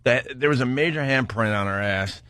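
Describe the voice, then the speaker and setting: A man's voice: mid-range voice, fairly quick, bright, forceful tone, dry recording. A man hosting a radio talk show, bantering bluntly and teasing his guest.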